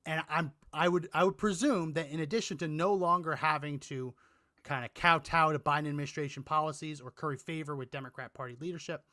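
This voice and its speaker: A man's voice: on the high side, steady tone, brisk, sharp tone, dry recording, clean studio sound. A man hosting a casual political chat show, meandering and restarting his sentences with the odd chuckle. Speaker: podcast co-host.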